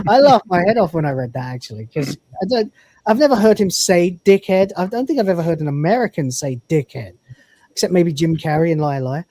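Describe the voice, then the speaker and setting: A man's voice: on the high side, expressive, a little fast, warm tone, dry recording. A man co-hosting a live stream, reading out viewer messages in a jokey, laughing manner. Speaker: livestream co-host reading donations. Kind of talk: casual chat.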